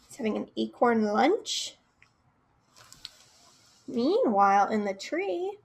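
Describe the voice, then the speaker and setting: A young children's librarian with a high-pitched voice reads a picture book aloud at storytime, going slowly and leaving long pauses. She's expressive, speaks directly to the kids, and asks them questions.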